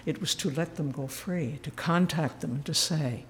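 An older religious sister leading a spoken retreat talk in a large church, telling stories with earnest warmth and wry humor. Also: female voice, low voice, moderate pace, big-room sound, a little hiss or hum.

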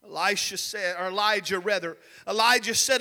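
A young man preaching a sermon, telling a story with shouted peaks and sudden soft drops. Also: very high voice, lively intonation, moderate pace, big-room sound. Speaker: pastor.

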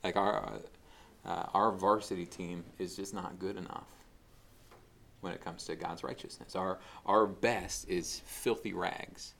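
Low, gravelly-voiced male preacher. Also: steady tone, unhurried, fairly bright tone, a little hiss or hum. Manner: conversational, many fillers and restarts. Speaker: pastor. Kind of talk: casual sermon.

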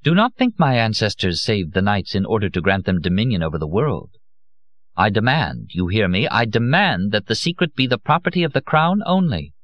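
A man's voice: lowish voice, very animated, moderate pace, no room sound, dull audio. A man voicing a haughty, imperious queen who speaks in cold commands.

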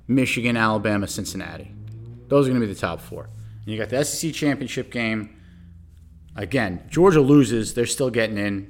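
A middle-aged man hosting solo sports commentary, ranting sarcastically and turning to listeners with "okay?" asides. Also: medium pitch. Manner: ranting, sarcastic, rising to exasperated outbursts; addresses listeners directly, frequent "okay?" asides. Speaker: sports talk host.

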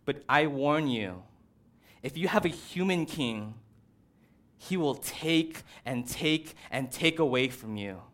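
A man's voice: a little high, expressive, takes it slowly, a bit bright. A man voicing God as a patient, wounded king who pleads with his people during a sermon. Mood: pleading. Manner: pleading, reminding.

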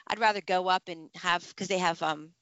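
A woman chatting casually as a podcast co-host, telling stories with lively acted-out reactions. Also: lowish voice, normal speed, smooth, no room sound. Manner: animated storytelling, acts out her own reactions. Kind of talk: casual chat. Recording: dull, slightly lo-fi dry sound.

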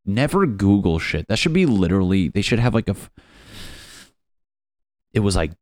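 A man's voice: deep voice, lively intonation, normal speed, long pauses, darkish tone, no echo. A young adult man ranting in a rambling, profane, comedic monologue full of fillers.

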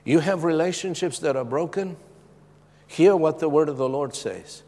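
A man's voice: a little high, normal speed. Impassioned man preaching in a big hall. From Zimbabwe. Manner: impassioned, swinging from loud emphatic lines to hushed, soft ones. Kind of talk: sermon.

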